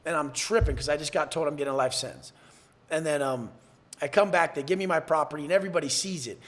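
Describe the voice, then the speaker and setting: This podcast guest from San Diego, USA, is a fast talker with a slightly high, fairly bright voice. He bluntly relates his life story in a candid interview, cursing freely and imitating others' voices.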